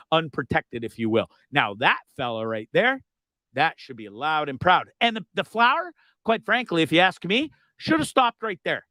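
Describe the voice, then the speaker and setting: A high-pitched man hosts a livestream with a lot of swing in his voice. He rambles through crude, animated jokes. The room sounds dry and close. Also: dry recording. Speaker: livestream host. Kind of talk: casual comedic live chat.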